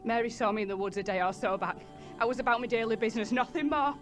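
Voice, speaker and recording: A woman's voice: a little high, steady tone, fast talker, music in the background, natural voice. A woman playing a frightened colonial-era wife who speaks in fearful, formal phrasing. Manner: fearful, pleading, formal speech. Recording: game audio over loud score.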